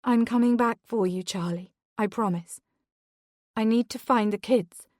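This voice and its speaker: Audiobook role: woman playing a hurt, desperate mother, raised strained voice, loud, close and dry. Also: fairly high pitch, unhurried, dry recording, close to an everyday voice. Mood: urgent. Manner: urgent, strained pleading. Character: injured, desperate mother searching for her children. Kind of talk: audiobook character voice.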